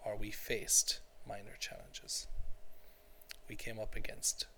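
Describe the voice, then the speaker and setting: A man's voice: lowish voice, wildly swooping pitch, slow, vocal fry, pushed and bright, slight background noise. Patient male teacher in a classroom. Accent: native English. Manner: patient, repeats phrases, checks understanding with "okay?". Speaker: English teacher.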